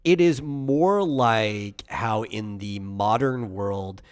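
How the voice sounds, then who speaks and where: Low-voiced man explaining on a podcast. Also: extremely slow, clean tone. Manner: explains ideas, answers listener comments. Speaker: podcast co-host. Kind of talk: casual chat.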